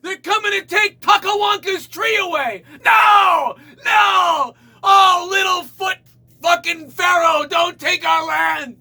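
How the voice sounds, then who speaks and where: A man's voice: very high-pitched, steady tone, takes it slowly, gravelly, pushed and bright, raised voice, pitched above the performer's own voice, exaggerated voice. A man voicing a panicked figure in a comedy bit, screaming frantically. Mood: frantic panic. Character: panicked man shrieking in alarm.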